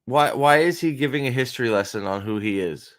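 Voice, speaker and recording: A man's voice: mid-range voice, animated, a little fast, fairly bright tone. A man hosting a casual reaction commentary, rambling, profane and sarcastic, with frequent restarts. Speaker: host.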